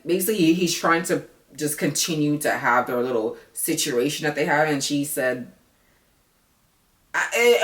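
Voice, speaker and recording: A woman with a low voice gives a blunt, profanity-filled rant as she reviews a reality show for her vlog. She sits some distance from the mic, and her voice echoes around the room. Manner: blunt, profane, animated ranting.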